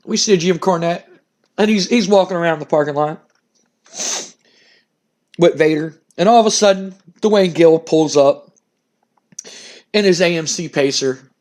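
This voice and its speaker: A man casually narrating a wrestling simulation game, rambling, cursing and chuckling as he goes. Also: high-pitched. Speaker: game streamer.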